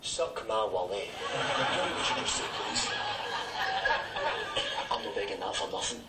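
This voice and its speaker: A man's voice: lowish voice, takes it slowly, over a noisy crowd, heavy background noise. An actor playing a grumpy Scottish man trapped in a lift, scornful and sarcastic, in a comedy clip played back in a hall. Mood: grumbling. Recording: comedy clip played in an echoey hall, far from the mic, audience laughter.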